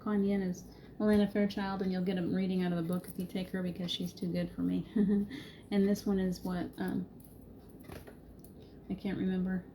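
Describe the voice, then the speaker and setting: A woman's voice: medium pitch, flat delivery, normal speed, pauses often, dark tone, a little hiss or hum. A middle-aged woman hosting a live spiritual card reading, speaking in a soothing, reassuring way, laughing easily and greeting viewers by name. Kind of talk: gentle encouraging spiritual talk to live viewers.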